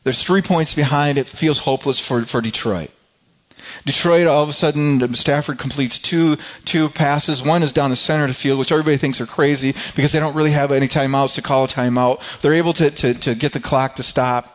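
A middle-aged man preaching a sermon, talking it through in a loose storytelling way with many restarts, and at times swelling with excitement. His pitch sits in the middle for a man, and the recording sounds a little dull and lo-fi. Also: fairly quick. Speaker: pastor.

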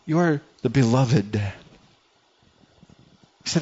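Pastor guy preaching, earnest chatty sermon, bit high voice, muffled lo-fi sound. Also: moderate pace. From Michigan, USA. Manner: earnest, conversational preaching with wide swings from soft to loud. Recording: dull lo-fi sound.

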